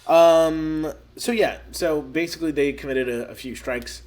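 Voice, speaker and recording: A man's voice: fairly high pitch, unhurried, darkish tone. A man from the United States co-hosting a podcast with casual, rambling chat full of fillers. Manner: rambling, with many fillers and laughs. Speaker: podcast co-host.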